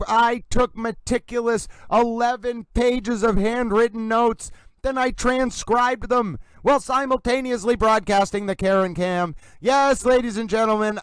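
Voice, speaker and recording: A young man hosting a casual livestream, chatty and excitable, rambling and wired from caffeine. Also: high voice, smooth, no echo, rough recording. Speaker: livestream host.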